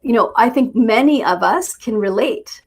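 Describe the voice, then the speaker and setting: A woman spiritual teacher giving an unhurried talk, telling a personal story with thoughtful pauses. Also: on the high side, lively intonation, slightly rough.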